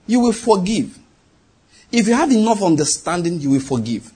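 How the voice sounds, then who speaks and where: A man preaching a sermon, animated and husky, acting out voices in the quoted dialogue and dropping from loud to hushed. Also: high-pitched, moderate pace.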